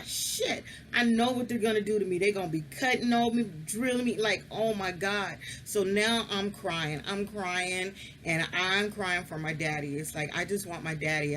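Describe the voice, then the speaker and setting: A woman's voice: sits low, fairly bright tone, a little hiss or hum. A woman casually telling a personal story, frank and candid, swearing freely and confiding straight to the listener.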